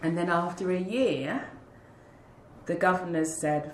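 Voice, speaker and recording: A woman being interviewed tells her own story in an earnest, heartfelt way, slipping into the voices of the people she quotes. Her voice sits a little low for a woman. The room around her gives an echo. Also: unhurried, slight background noise. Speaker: interview guest, school leader. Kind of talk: personal storytelling. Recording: roomy echo.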